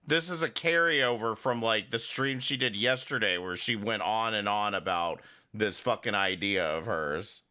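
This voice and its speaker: A man's voice: lowish voice, normal speed, bright, forceful tone, clean tone. A man hosting a reaction commentary show, exasperated and sarcastic, swearing often. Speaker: commentary host.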